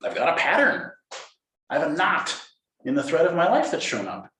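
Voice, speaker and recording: A man giving a dharma talk as a Zen teacher, playful and animated, acting out inner voices. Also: a little high, moderate pace. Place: meditation hall. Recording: roomy hall echo.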